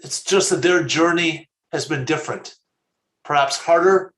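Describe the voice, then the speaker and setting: A man, a rabbi, telling a story in a sermon, measured and slowing down for emphasis. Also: a little high, a bit bright. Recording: echoey room.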